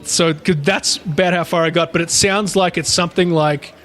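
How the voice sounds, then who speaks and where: A man's voice: fairly high pitch, fairly even intonation, moderate pace, a bit bright. A man co-hosting a podcast, casually retelling a paranormal story in a rambling way, with frequent swearing. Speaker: podcast co-host.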